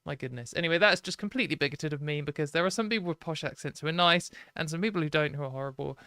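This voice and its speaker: Chatty British woman with a smooth voice. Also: low-pitched, fairly bright tone, dry recording, clean studio sound. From Britain. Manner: chatty, frank, with frequent "like" and quick laughs. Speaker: live stream host. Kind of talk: casual live stream commentary.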